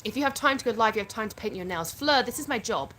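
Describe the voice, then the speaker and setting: A woman with a slightly high voice talks fast and animatedly while hosting a casual livestream from home, reading viewer comments aloud and chatting about them. The recording is clear, with background noise and clicks.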